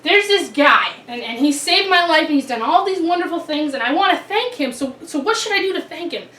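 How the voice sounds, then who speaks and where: A woman plays a relaxed, good-natured king in a children's Bible story, chatting in a high voice. The sound is roomy and heard from a distance, with faint background ambience. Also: fairly quick, a little hiss or hum. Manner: casual, chatty storyteller phrasing. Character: ancient male king, easygoing, grateful.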